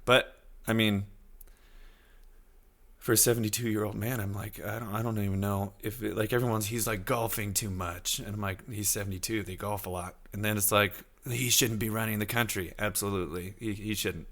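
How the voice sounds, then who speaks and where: Speaking at a moderate pace with a steady, slightly bright tone, this thirty-something podcast host rambles through a casual solo show. He responds to his chat and sometimes quotes others in high, goofy voices.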